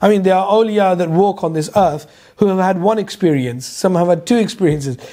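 Husky, animated man teaching a Quran lesson. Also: sits high, fairly quick. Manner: animated, mixes English with Urdu and Arabic recitation, many fillers. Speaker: Islamic teacher.

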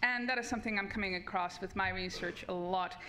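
A woman's voice: mid-range voice, fast, pushed and bright, a little hiss or hum. A woman researcher giving a comic debate speech on a festival stage, full of hesitant restarts and wry humor.

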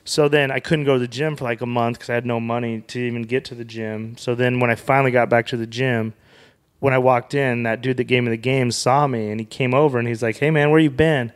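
A man's voice: mid-range voice, fairly even intonation, brisk, clean tone. A young adult man from Wyoming, a comedian and author, casually telling a long anecdote on a podcast and acting out the people in it with quoted dialogue. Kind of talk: casual storytelling in a podcast interview.

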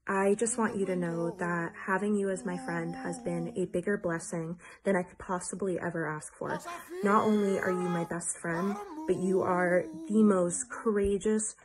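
A woman's voice: fairly low pitch, fairly even intonation, moderate pace, a crowd in the background. A woman giving an earnest, emotional get-well message to a friend, repeating herself for emphasis.

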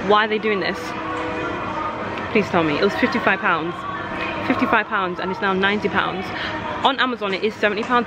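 A woman's voice: mid-range voice, poor audio. A woman filming a casual vlog as a mother, talking in a chatty, exasperated, rambling way on a handheld camera in a supermarket. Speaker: vlogger and mother. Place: supermarket, indoors.

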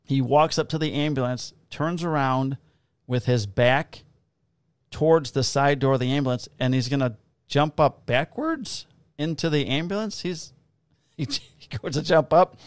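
A man, a police officer co-hosting a podcast, telling work stories in a casual, profane, animated way and acting out the quotes. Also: medium pitch, unhurried, clear, resonant tone, no echo. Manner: profane, animated storyteller who acts out quotes. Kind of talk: casual chat, storytelling.

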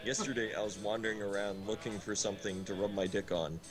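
A man streamer reading a story aloud in a deadpan comic way, tripping on words now and then. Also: lowish voice, fast talker. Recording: loud game music behind. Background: game music.

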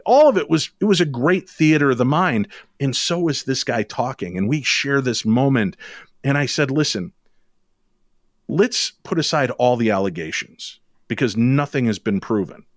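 A man who hosts a paranormal radio show, telling stories as a podcast guest in a lively, quick way with sudden jumps in pitch. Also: dry recording, clean studio sound. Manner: animated, quick storytelling with sudden rises in pitch. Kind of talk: storytelling in a podcast interview.

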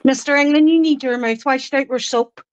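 A woman's voice: high-pitched, normal speed. A woman with an Irish accent on a livestream panel, bluntly accusing another panelist. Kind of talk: confrontational live panel talk. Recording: dull lo-fi stream audio.

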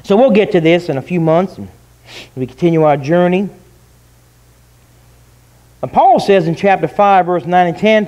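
High-voiced emphatic preacher man. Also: animated, a little mellow. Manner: emphatic, rhetorical questions, pauses with "wow". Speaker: pastor. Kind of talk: sermon.

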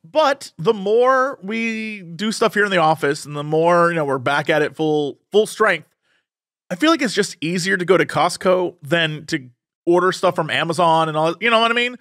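Animated high-voiced young man telling a story. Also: moderate pace, dry recording, clean studio sound. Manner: animated storyteller acting out family members' voices. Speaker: podcast co-host. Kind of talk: casual storytelling chat.

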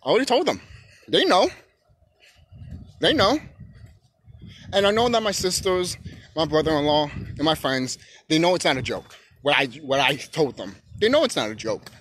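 A man ranting on his own channel in a loose, profane monologue. His voice keeps swinging into emphatic shouting. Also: on the high side, big pitch swings, moderate pace, pauses often. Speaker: YouTube channel host.

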